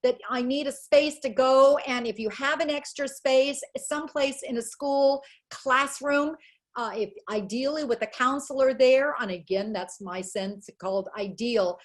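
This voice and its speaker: Middle-aged female expert, webinar presenter, lively and quick, slightly high voice. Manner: energetic, quick bursts, animated quoted dialogue. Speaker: educational psychologist giving a webinar talk.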